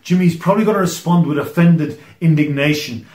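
Male preacher, slightly high voice, earnest and emphatic, echoey room. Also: expressive, moderate pace. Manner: earnest and emphatic, often dropping to a hushed close. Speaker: pastor. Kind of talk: sermon.

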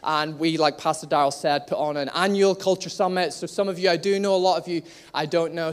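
A young man from Northern Ireland, with a slightly anglicized Northern Irish accent, preaches a sermon to a church congregation, joking with them in a lively way. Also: high-pitched. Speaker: pastor. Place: church hall.

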